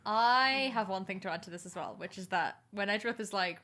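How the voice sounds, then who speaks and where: A woman's voice: medium pitch, lively intonation, quick pace, few pauses, pushed and bright. A woman co-hosting a podcast, talking casually with a wry, swearing humour and frequent laughs. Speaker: podcast co-host.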